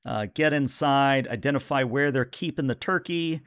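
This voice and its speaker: A man narrating a tabletop role-playing game as game master, relaxed and filling pauses with "uh". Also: mid-range voice, clear, resonant tone, no room sound, studio quality. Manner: relaxed narration with many "uh" fillers.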